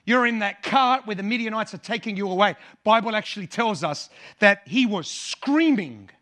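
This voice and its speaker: A man's voice: sits high, animated, moderate pace, pushed and bright. A male pastor preaching a sermon with impassioned, repetitive emphasis.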